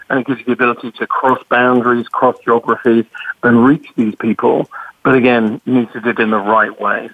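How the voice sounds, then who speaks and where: A man, a panel guest, giving his views in a measured, reflective way. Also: medium pitch, no room sound. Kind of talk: casual chat. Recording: dry, tinny phone line.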